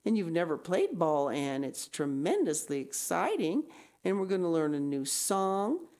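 A woman voicing an excitable young schoolgirl who pleads with her friend in a high, tearful, gushing way. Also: measured pace. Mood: wistful coaxing.

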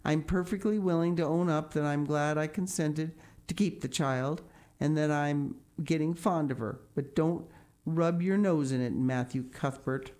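Lady putting on a strict old farm woman, brisk and scolding, dry. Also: low voice, a little mellow. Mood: grudgingly fond. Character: stern, practical older woman guardian.

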